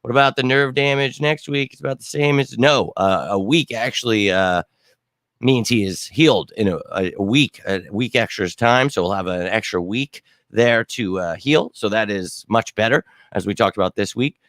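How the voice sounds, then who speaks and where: A man hosting a sports fan show, ranting bluntly and swearing after a loss, his throat hoarse from screaming. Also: fairly low pitch, moderate pace, fairly bright tone, no room sound, studio quality. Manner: fired-up, blunt, swears, repeats himself. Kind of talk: casual postgame fan rant.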